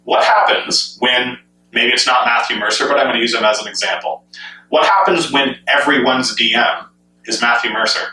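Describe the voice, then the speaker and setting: Bright-voiced man in an echoey room. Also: medium pitch, normal speed. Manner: enthusiastic, asks many rhetorical questions. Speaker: gaming commentator. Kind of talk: speculative solo commentary. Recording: echoey room, mic at a distance.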